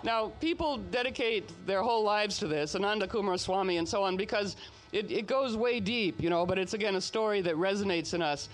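A man telling old legends and astrology in a chatty, animated way, full of "you know" asides. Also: high voice, a little fast. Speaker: storyteller and astrologer host. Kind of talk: casual spoken storytelling talk.

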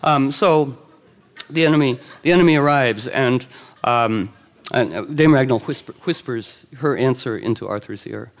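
Lively man telling a legend aloud. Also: medium pitch. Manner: lively, conversational, with quick asides and quoted character voices. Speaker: storyteller. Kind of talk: oral storytelling to a live audience.

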